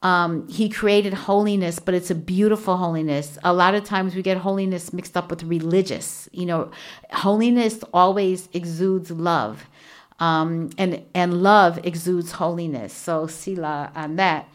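A woman's voice: on the low side, steady tone, measured pace. A woman hosting a solo devotional podcast from a small home studio, talking earnestly and chattily with many fillers. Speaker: podcast host. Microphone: studio microphone with earphones.

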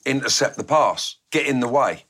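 A man, a former footballer, telling blunt, animated stories from his playing days and putting on voices when he quotes people. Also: mid-range voice, normal speed. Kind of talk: anecdotal storytelling in a documentary interview.

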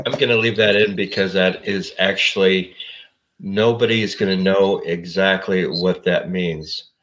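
A man's voice: sits low, fairly even intonation, measured pace, fairly bright tone, slight background noise, rough recording. A man in his fifties, a podcast producer and co-host, telling a rambling story in casual chat. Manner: rambling storyteller, self-interrupting.

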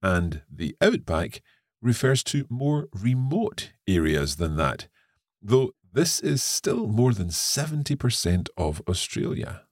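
Deep-voiced Scottish man teaching English. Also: sing-song, slow, no room sound, clean studio sound. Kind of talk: language-lesson podcast.

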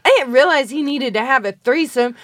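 A woman's voice: sits high, a little fast, no echo, studio quality. Blunt, rambling woman telling stories. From Kentucky. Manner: rambling, blunt and profane, acts out the people in her stories. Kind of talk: casual storytelling chat.

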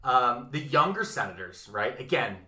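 A man's voice: mid-range voice, very animated, normal speed, sharp tone, echoey room. A man co-hosting a podcast, retelling history in a casual, profane, comic way with modern workplace comparisons. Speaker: podcast co-host. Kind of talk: casual comedic history storytelling.

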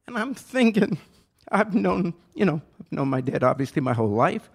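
A man's voice: on the high side, big pitch swings, normal speed, gravelly, husky. An older man and podcast host telling a personal story in a casual, earnest way that grows impassioned and pleading.

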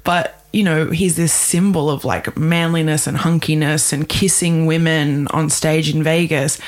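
A woman with a low-pitched voice co-hosts a podcast in a relaxed, chatty way. She talks loosely, full of "like" and "um," and often breaks into laughter. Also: unhurried. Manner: chatty, many fillers, frequent laughs. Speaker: podcast co-host. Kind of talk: casual film discussion.

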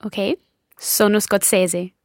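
A woman's voice: mid-range voice, fairly even intonation, a little slow, vocal fry, darkish tone, no room sound, clean studio sound. A Scottish woman co-hosting a podcast language lesson as the learner, carefully repeating phrases after the teacher. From Scotland. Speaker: learner co-host.

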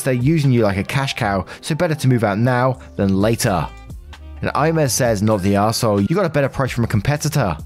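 Man reading online stories aloud. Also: medium pitch. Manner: dry, opinionated commentary between readings. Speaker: story-reading channel host.

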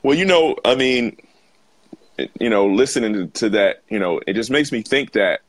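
A man's voice: medium pitch, expressive, moderate pace, no room sound. A man hosting a conversation, speaking hesitantly with many fillers. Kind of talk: casual chat.

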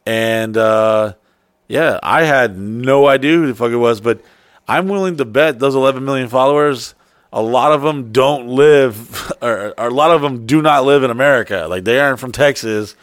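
A man chats on a podcast in a loose, foul-mouthed way, slipping into put-on voices as he tells his stories. His voice sits at an ordinary pitch. The recording is dry and close, with no room sound. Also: normal speed, no echo. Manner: profane, animated storytelling with put-on voices. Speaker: podcast co-host. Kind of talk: casual chat.

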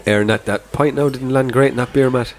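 A man's voice: mid-range voice, fairly even intonation, fast, a loud crowd. A man on a casual pub podcast who breaks in with dry, teasing remarks.

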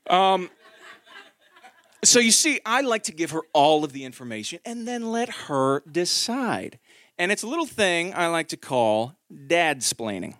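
Animated high-voiced man doing stand-up. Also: unhurried, dry recording, studio quality. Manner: animated storytelling, acts out quotes, swears. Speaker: stand-up comedian. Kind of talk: stand-up comedy set.

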